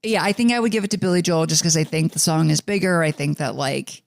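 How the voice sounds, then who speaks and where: A man's voice: on the high side, fast talker, gravelly, no room sound, clean studio sound. A man from the New York suburbs co-hosting a music podcast in a rambling casual chat, full of fillers and restarts. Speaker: podcast co-host.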